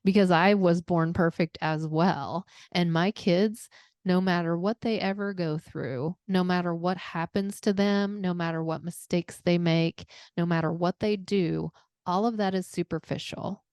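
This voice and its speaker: A woman's voice: on the low side, fairly even intonation, a little slow, darkish tone, clean tone, no room sound, clean studio sound. A woman hosting a wellness podcast, talking in an earnest, reflective way and moved by what she says. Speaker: podcast host. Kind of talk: heartfelt conversational interview.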